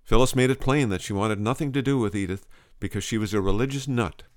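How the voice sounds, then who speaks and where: A man's voice: fairly low pitch, quick pace, no echo, clean studio sound. A man preaching a storytelling sermon, earnest, quoting scripture.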